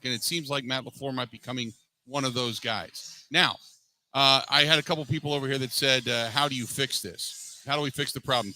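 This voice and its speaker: A man's voice: a little high, sharp tone, a little hiss or hum, rough recording. A man hosting a post-game sports call-in show, emphatic, repeating himself with frequent restarts. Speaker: sports radio host.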